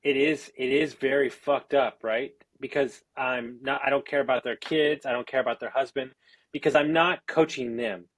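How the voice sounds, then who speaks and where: A man's voice: medium pitch, fairly even intonation, moderate pace, no echo. A male podcast host and life coach with an ordinary mid-range voice. He speaks plainly and bluntly, saying exactly what he thinks and swearing without hesitation. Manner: blunt, direct, swears casually. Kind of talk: conversational podcast talk.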